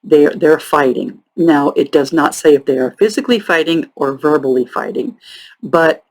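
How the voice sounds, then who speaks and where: A woman hosting a true crime show, telling the case in a casual, halting way with frequent sarcastic and profane asides. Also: low voice, poor audio. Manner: halting, many ums and restarts. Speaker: true crime podcast host.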